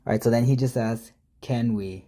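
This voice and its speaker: A man's voice: medium pitch, fairly even intonation, moderate pace, dark tone. A man casually telling a prank story, reading out text messages with profane, mocking, exasperated commentary.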